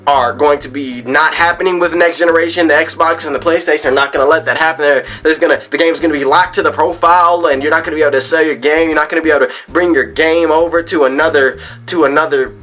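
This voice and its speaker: Bright-voiced man ranting to camera. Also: on the high side, steady tone, fast talker, hardly any pauses. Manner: rambling, with frequent restarts and repeated words. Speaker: gaming and tech vlogger. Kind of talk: casual direct-to-camera rant.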